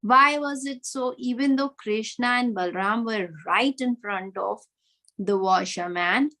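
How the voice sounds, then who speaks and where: A woman's voice: a little high, measured pace, sharp tone. A woman teaching a devotional class, telling a moral story with rhetorical questions to her listeners.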